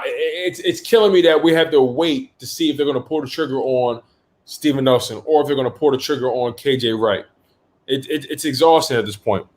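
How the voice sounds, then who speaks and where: A man in a mid-range voice hosts a casual fan livestream and talks through viewer comments as he goes. His delivery rambles, with repeated words, restarts and slangy asides. He sounds a touch drowsy throughout. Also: medium pitch. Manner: yawning and a bit sleepy. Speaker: host of a sports livestream.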